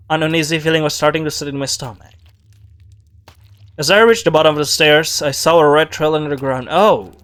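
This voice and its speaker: A man reading a game's story text aloud and breaking off for quick reactions and asides. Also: a little high, fairly bright tone. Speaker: gamer reading a visual novel aloud.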